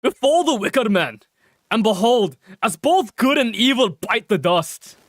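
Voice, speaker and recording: A cocky young mage warrior from a fantasy game, chanting his spell with swagger, as a streamer with a northern English accent reads him out. The voice swoops up and down lively, and the sound is dry and close. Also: mid-range voice, a little slow, no echo. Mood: grandiose. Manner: mock-grand chanting of battle lines. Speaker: streamer reading game dialogue.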